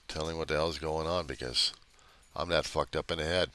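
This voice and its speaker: A man's voice: very deep voice, fairly even intonation, a little fast, pushed and bright, slight background noise. A man talking unscripted to his camera about recovery, blunt and profane, rambling and questioning himself. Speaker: recovery video diarist. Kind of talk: unscripted confessional monologue.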